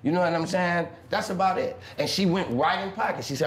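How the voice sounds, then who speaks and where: A pimp being interviewed rattles off stories a little fast with hardly any pauses, swearing heavily and imitating other people's voices. His voice is slightly high, and the clip, played on a stream, has an echoey room and a faint hiss or hum.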